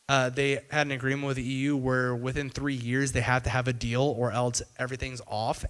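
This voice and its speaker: A man's voice: mid-range voice, a bit bright. A man presenting a casual explanatory video commentary, talking conversationally with fillers and loose restarts. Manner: conversational, retells events with "he's like" and paraphrased quotes.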